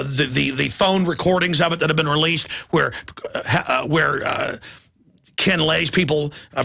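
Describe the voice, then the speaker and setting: A man's voice: fairly high pitch, gravelly, bright, forceful tone. A man hosting a talk show, ranting angrily and mockingly in a monologue.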